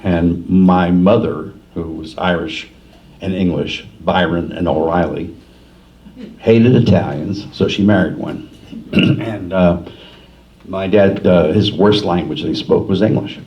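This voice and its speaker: A man's voice: low voice, a little slow, a little mellow. An older man from New Jersey, an author at a library forum, telling rambling, self-deprecating stories in casual talk. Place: library meeting room. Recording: distant, muffled room recording with faint hiss.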